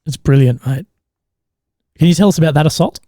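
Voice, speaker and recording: A man's voice: on the high side, fairly quick, dark tone, dry recording, studio quality. An Australian man hosting a podcast interview, chatty and casual, swearing and laughing easily. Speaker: podcast host.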